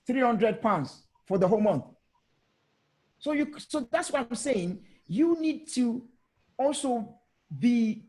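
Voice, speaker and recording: This man's voice sits high with a slightly mellow quality, coming through a video call. Taking part in a panel discussion, he pushes his argument hard, repeats himself often, and challenges those listening.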